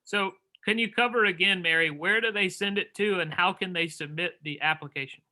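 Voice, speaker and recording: Upbeat male meeting host, high and very bright voice, video call. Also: brisk. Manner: upbeat, with frequent "uh" fillers. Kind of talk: hosting an online meeting.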